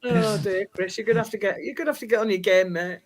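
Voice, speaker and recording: A guest on a radio chat show trades dad jokes with the host. The delivery is dry and teasing, in a plain middle-pitched voice. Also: fast talker.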